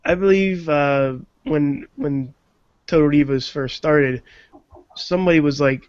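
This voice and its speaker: Joking man with a slightly high voice. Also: unhurried, dry recording. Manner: relaxed, joking, stammers at starts. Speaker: podcast co-host. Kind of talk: casual chat. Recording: muffled lo-fi audio.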